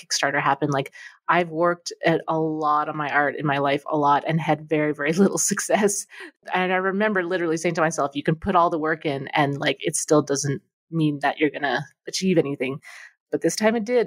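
A woman co-hosting a podcast, chatting excitedly and laughing often. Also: low voice. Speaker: podcast co-host. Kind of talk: casual podcast chat.

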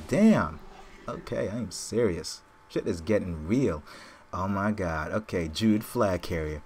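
A man hosting his own gaming channel, rambling through excited live commentary and trash-talking opponents as he plays. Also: low voice, measured pace, a little hiss or hum.

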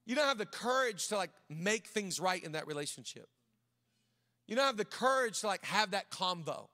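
A middle-aged male pastor preaching to a large church. His voice sits high and bright, with a long reverb trailing each phrase. He talks loosely and conversationally, restarting sentences as he tells stories. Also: animated, moderate pace. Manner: conversational, many restarts, drops to quiet storytelling. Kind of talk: sermon with personal storytelling.

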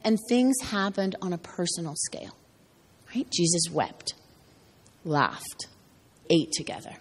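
A hoarse woman delivers a Sunday sermon with a faint rasp, speaking in an earnest teaching rhythm. Her voice sits a little low, and it rings with the long reverb of a church hall. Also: very animated, a little slow. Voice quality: slightly raspy. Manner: earnest teaching cadence with frequent "right?" asides. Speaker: preacher. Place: church sanctuary.

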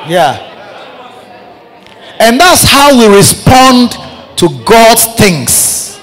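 A man with a Ghanaian English accent, a bishop preaching a sermon in animated, repetitive bursts, calling out to his congregation. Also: very high-pitched, slow pace, long pauses, some chatter behind. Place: large church hall. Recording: church hall reverb with congregation.

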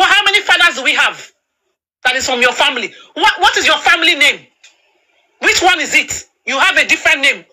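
A woman's voice: sits high, sharp tone, rough recording. A woman delivering a furious, insulting rant on a live video panel, stammering and repeating herself as she talks over a phone mic. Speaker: panel speaker. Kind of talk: angry live-stream rant.

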